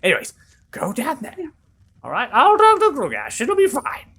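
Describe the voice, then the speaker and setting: A game master voicing a bossy, motherly female master who shoos her guests along in a fussy, hurried way. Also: medium pitch, wildly swooping pitch, sharp tone, breathy edge, pitched above the performer's own voice, exaggerated voice. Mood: coaxing.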